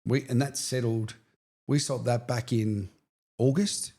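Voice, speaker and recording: A middle-aged man with an Australian accent, co-hosting a casual real estate chat and telling anecdotes with lively energy. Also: medium pitch, measured pace. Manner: storytelling, animated, says "mate". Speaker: real estate agent, podcast co-host.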